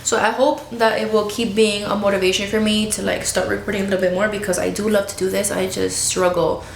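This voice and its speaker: A woman vlogging to the camera at home, chatty and expressive, laughing often. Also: medium pitch, quick pace, vocal fry, roomy sound, a little hiss or hum. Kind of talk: casual chat to camera. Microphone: camera in front of her.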